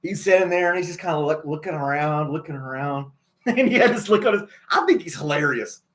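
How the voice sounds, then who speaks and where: Male host, casual and chatty, quick to laugh; slightly high voice. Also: expressive, fairly bright tone. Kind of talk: casual chat.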